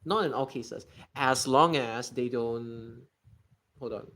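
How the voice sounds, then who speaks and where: His voice is mid-range and a bit bright, and he takes it slowly. He's a Singaporean man chatting casually over a geography game stream, reading chat and venting his exasperation at how people say words.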